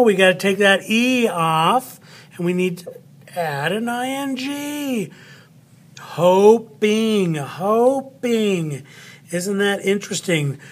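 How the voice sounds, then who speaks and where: A man teaching a spelling lesson, upbeat and chatty, with playful asides while he cuts and glues cards. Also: high-pitched. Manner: upbeat, talks while cutting and gluing.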